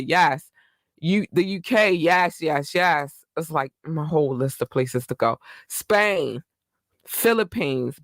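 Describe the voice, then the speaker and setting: A man from Baltimore hosting his own podcast, talking in a chatty, rambling and effusive way with bursts of excitement. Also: a little high, dry recording, clean studio sound. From Baltimore, Maryland. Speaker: podcast host. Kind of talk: casual solo podcast monologue.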